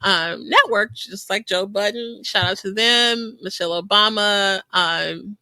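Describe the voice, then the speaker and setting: A woman co-hosting a podcast in casual chat, talkative and quick to laugh. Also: medium pitch, sharp tone, smooth, no echo. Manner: chatty, laughs often, quick asides. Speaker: podcast co-host.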